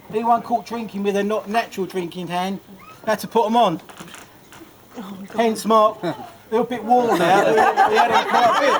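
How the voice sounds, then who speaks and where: Jokey best man, high voice. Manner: jokey, rambling, often laughing. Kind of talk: wedding speech. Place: wedding reception. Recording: loud background noise at a reception.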